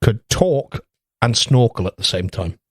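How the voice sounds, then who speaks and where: A man's voice: fairly low pitch, lively intonation, measured pace, breathy edge, no room sound, clean studio sound. A young man co-hosting a podcast, joking crudely and laughing often as he riffs on absurd ideas. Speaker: podcast co-host. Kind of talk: crude comedic banter.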